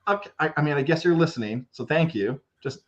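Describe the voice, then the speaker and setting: A man co-hosting a radio sports talk show, chatting casually with quick sarcastic asides. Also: a little high, highs cut off. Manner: fast and lively, with sarcastic asides.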